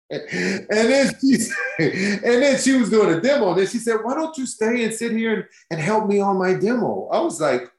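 Animated singer telling stories, man near 60. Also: a little high, measured pace. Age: 50s. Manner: expressive, laughing storyteller who acts out quotes. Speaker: guest singer. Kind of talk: animated storytelling interview. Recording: roomy echo.

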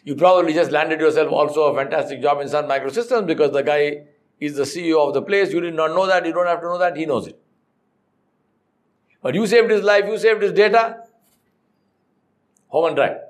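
A man gives a classroom lecture as a trainer, emphatic and blunt, full of rhetorical questions and stories. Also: fairly high pitch. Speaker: corporate trainer.

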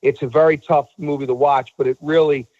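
Man, storyteller, fairly high voice, acts out quotes, dry dull lo-fi sound. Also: fairly even intonation, brisk, no echo. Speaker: guest telling a story. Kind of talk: casual storytelling in a talk show.

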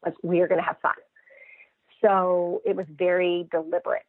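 Middle-aged woman guest, expressive storyteller, slightly low voice, thin phone-line audio. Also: moderate pace, dry recording. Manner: lively, expressive, acts out quoted voices. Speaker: guest, mother of a child cancer patient. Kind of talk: casual interview storytelling. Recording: tinny phone-line sound, dry.

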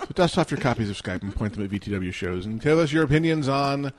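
A man's voice: medium pitch, lively intonation, fast. A man hosting a call-in radio show, joking and teasing in casual banter.

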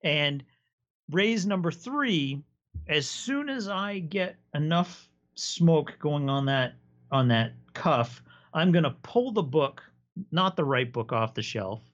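A man's voice: fairly high pitch, animated, takes it slowly, a bit bright, dull audio. A man hosting a casual chat, telling stories enthusiastically and explaining at length. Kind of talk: casual chat about tabletop games.

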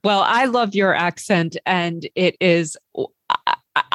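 She takes her time, her lowish voice captured in a dry recording with clean studio sound. As a podcast host from Maryland, US, she casually interviews a guest remotely. Warm and chatty, she loves telling stories and leans on many fillers.

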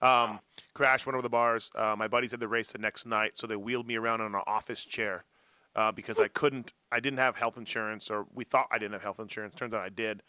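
A middle-aged man hosting a casual motocross chat, telling animated self-mocking stories. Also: lowish voice, quick pace, smooth, dry recording. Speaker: podcast host.

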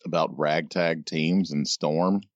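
Low male co-host, dry hesitant delivery, muffled lo-fi mic. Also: fairly even intonation, slow pace, dry recording. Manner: hesitant, dry, many restarts. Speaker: podcast co-host. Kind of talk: casual comics podcast banter.

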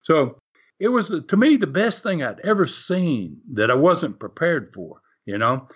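Man, wrestling promoter recalling old stories, chuckling, voicing the people he quotes, lively pitch; dull lo-fi audio. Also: unhurried, breathy edge. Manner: animated, chuckles often, acts out quotes. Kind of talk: storytelling anecdote. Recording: dull lo-fi recording.

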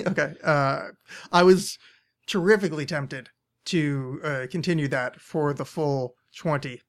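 A man's voice: fairly high pitch, a little slow. A man hosting a podcast in a studio, with a strained, blown-out voice, chatting in a rambling, self-deprecating way. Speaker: podcast host. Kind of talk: casual studio chat.

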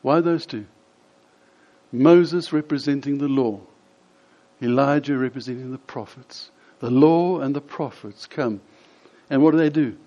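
Mellow-voiced man preaching a story sermon. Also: mid-range voice. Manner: vivid retelling with dramatic pauses. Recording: slightly dull lo-fi sound.

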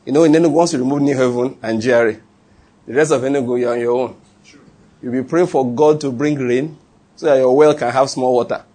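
Husky Nigerian preacher telling stories. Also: male voice, mid-range voice, fast. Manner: animated, laughing storyteller with call-and-response. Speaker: pastor. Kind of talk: sermon with storytelling.

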